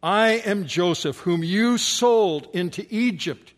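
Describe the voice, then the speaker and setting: A man's voice: high voice, lively intonation, slow pace. A man voicing Joseph, a grown man who earnestly forgives his brothers, in a sermon retelling.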